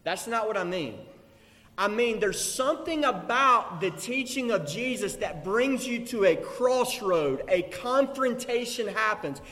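A man preaching a sermon, emphatic, building to loud declarations. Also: high-pitched, expressive, a little slow. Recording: long hall reverb.

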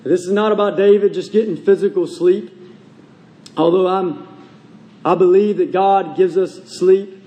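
A man preaches in a church sanctuary, his voice sitting high for a man. He delivers the sermon earnestly, slowing down and sinking low on the phrases he wants to land. A long reverb trails each line through the hall. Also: steady tone, dark tone. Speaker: pastor.

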